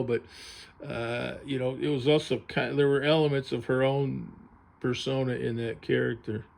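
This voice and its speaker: A man with a slightly raised pitch talks through a book in a relaxed, unscripted way. He chats and muses aloud, his thoughts drifting from one to the next. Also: vocal fry. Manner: chatty, musing aloud, drifting between thoughts. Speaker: vintage TV book reviewer. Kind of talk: casual commentary while paging through a book.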